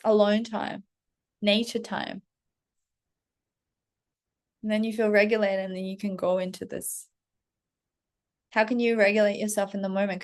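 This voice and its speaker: Woman coach in her thirties, middle pitch with gravelly fry, blunt and chatty. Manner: candid, heavy swearing, animated self-talk. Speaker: self-development coach. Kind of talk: casual spoken storytelling to followers.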